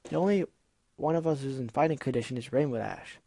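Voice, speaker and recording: A man's voice: medium pitch, quick pace, gravelly, dark tone, dry recording. A man voicing an earnest, bookish young female unicorn who speaks urgently and with worry.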